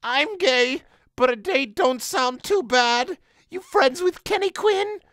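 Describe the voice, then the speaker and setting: A woman's voice: sits high, expressive, slow pace, fairly bright tone, no room sound, studio quality, exaggerated voice. A woman voicing a cocky, flirty gangster man in a comic fanfic reading, with a brash, drawled delivery.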